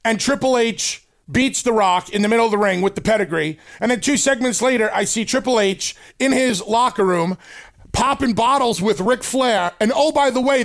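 A high-pitched man co-hosting a wrestling talk show, ranting with emphasis and energy. He talks in a casual, heated way, pressing his points hard. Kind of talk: casual chat.

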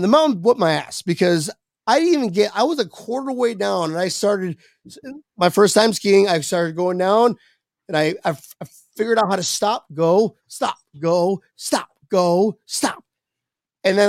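Casual storyteller, young man, raspy edge, swears a lot, mid pitch, dead-dry sound. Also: moderate pace, dry recording. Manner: rambling, animated, swears freely, voices his younger self. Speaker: podcast guest.

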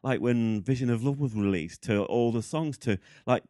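A man from England, a guest in a casual interview, talking in an excitable, rambling way and often losing his train of thought. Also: mid-range voice, normal speed, no echo, clean studio sound.

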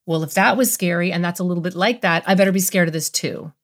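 A woman's voice: lowish voice, fast talker. A middle-aged woman, a therapist, explaining ideas in a podcast interview and acting out little voices in her examples. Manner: animated, acts out voices in examples.

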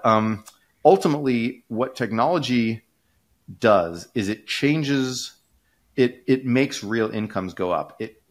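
Podcast co-host, male, lowish pitch, chatty, rambling explainer. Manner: rambling, restarts, many fillers, animated pitch jumps. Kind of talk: casual conversational explainer.

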